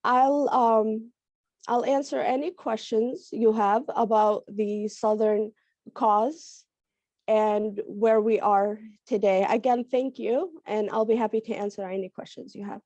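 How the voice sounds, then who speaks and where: A woman with a cold and a raspy voice, giving a halting panel talk on a video call with many fillers. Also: fairly high pitch, steady tone, darkish tone, dry recording. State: hoarse from a cold. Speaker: panel speaker. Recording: dull lo-fi video call audio.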